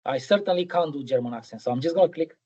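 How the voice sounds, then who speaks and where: A man's voice: a little high, animated, racing, mellow, highs cut off. Man lecturing in a webinar, full of ums. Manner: hesitant, many ums, repeats words while explaining. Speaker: physics lecturer.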